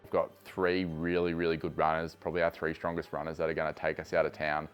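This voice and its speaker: A man's voice: extremely low pitch, completely flat delivery, fast talker, soft background music. An easygoing runner who chuckles as he talks in a casual interview. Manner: easygoing, chuckles while talking.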